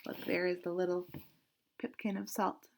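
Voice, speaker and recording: A woman reading a picture book aloud to children, animated and interactive, asking questions about the pictures. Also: fairly low pitch, moderate pace, creaky, a little hiss or hum.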